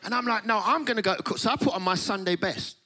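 A middle-aged man preaches with lively, comic storytelling. His voice sits notably high for a man, and he laughs often as he acts out the other people in his stories. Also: fast talker.

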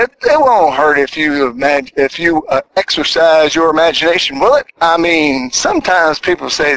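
An older man talking to listeners in a casual, folksy monologue, asking them question after question. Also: poor audio. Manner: folksy, chatty, asks the listener lots of questions; animated, swinging between high and low.

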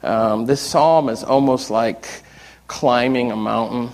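A man's voice: mid-range voice, slow pace. Conversational older male pastor preaching. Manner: conversational, animated storytelling with acted quotes. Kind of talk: sermon.

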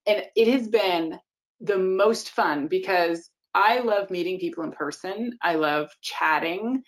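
A woman casting director answering interview questions in an animated, emphatic way, with quick asides. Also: on the low side. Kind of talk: casual interview talk.

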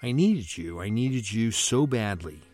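A man's voice: on the low side, lively intonation, measured pace, darkish tone, soft background music. A man reading aloud the lines of a lonely young female tree, tearful and pleading, in a storybook. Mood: hurt.

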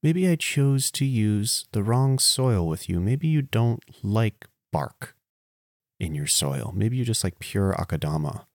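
Deep-voiced man rambling playfully. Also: unhurried, no room sound, studio quality. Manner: playful and rambling, with self-mocking asides; swings between animated outbursts and quiet, low murmurs. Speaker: podcast host. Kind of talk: casual spoken eulogy addressed to plants.

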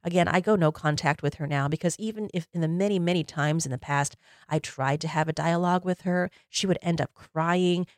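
Woman in her 40s hosting a podcast, low voice, earnest and reflective, dry close sound. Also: darkish tone, dry recording. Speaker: podcast host. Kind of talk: personal storytelling podcast.

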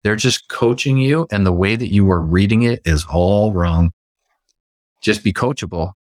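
A man's voice: fairly low pitch, moderate pace, darkish tone, dry recording, studio quality. A man who is a life coach, speaking as a podcast guest and explaining ideas with acted-out examples. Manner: explanatory, acts out quoted dialogue. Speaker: football coach. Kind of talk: podcast interview.

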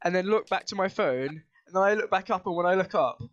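A young man with a high voice rambles through a story, packing his sentences with filler words. The recording sounds dull and lo-fi, as if the top end were muffled. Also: fast, a bit bright. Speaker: podcast host. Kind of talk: casual storytelling chat.

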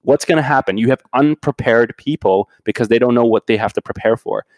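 A man's voice: medium pitch, fairly quick, a little mellow, dry recording. A man, a company founder, talking casually as a podcast guest, telling blunt, profane stories with frequent restarts.

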